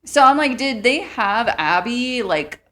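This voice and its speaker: Woman, podcast co-host, casual movie-review chat, very animated lively pitch, chatty and swears freely. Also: a little slow.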